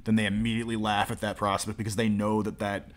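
A man's voice: fairly low pitch, level tone, fast talker. A man hosting a livestream, reacting to a played clip with sardonic, mocking commentary full of filler words. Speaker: livestream host.

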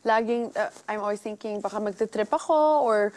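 A woman's voice: mid-range voice, brisk, darkish tone. A young woman with a Filipino accent, a guest in a comedy interview, giggling and mixing English with Tagalog. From Philippines.

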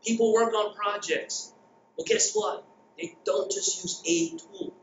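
High-voiced energetic man in an echoey hall. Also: unhurried, a little hiss or hum. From Philippines. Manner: energetic, jokey, asks the crowd questions. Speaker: conference speaker. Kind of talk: keynote presentation. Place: conference hall. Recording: echoey dull hall recording.

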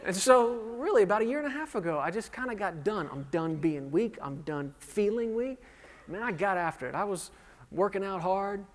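Here the voice is high-pitched and expressive, moving at a moderate pace. A pastor in his thirties delivers a sermon in a reverberant sanctuary, testing his congregation with questions and joking about himself.

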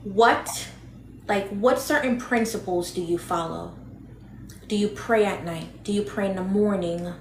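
A woman interviewer asking questions in a halting way with many fillers. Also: medium pitch. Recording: echoey room with faint noise.

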